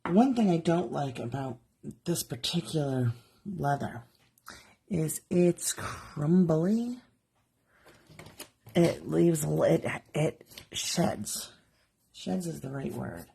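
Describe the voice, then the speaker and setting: Low, mellow-voiced woman demonstrating crafts. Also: expressive, slow, gravelly, long pauses, husky. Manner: chatty, thinking aloud while working. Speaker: jewelry artist demonstrating live. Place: home art studio.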